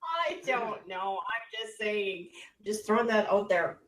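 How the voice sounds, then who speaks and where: A woman's voice: mid-range voice, animated, unhurried, fairly bright tone. A woman co-hosting a radio show, chatting easily and giggling often. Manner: giggly, easygoing, trails off. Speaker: radio co-host. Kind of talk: casual radio banter.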